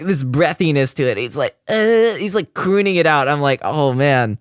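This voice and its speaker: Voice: medium pitch, animated, fairly quick, few pauses, no room sound, soft background music. A young adult streamer chatting casually to a live audience, gushing and giggling between rambling thoughts. The voice swoops up and down constantly. It sounds close and dry, with no room behind it. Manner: giggly, laughs often, gushing; rambling with many fillers. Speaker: streamer reviewing a cover mix. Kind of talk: casual chat with viewers.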